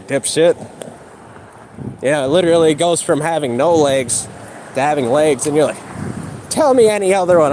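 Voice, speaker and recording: A man's voice: on the high side, background noise. A man ranting and mocking his critics with heavy profanity while he exercises outdoors. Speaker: livestreamer.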